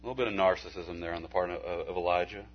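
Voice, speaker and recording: A man preaching a sermon in a conversational way, with folksy asides, stammered restarts, and a hushed soft delivery when he makes a point. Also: low voice, fairly even intonation, racing. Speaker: pastor. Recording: dull lo-fi recording.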